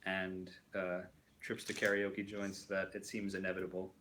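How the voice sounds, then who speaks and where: A man's voice: deep voice, monotone, moderate pace, noisy background. A man hosting a casual chat while building a toy kit, rambling with lots of fillers and restarts. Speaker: host.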